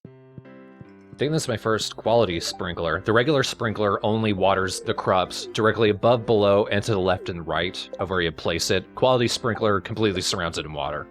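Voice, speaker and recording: A man's voice: fairly low pitch, a little fast, faint music behind. A man casually commentating a game he is playing, explaining its mechanics and laughing easily. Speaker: let's play host.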